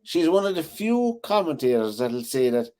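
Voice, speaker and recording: Animated male talk show host. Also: a little high, normal speed. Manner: chatty, asks eager questions, fills with "you know". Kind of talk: casual studio chat.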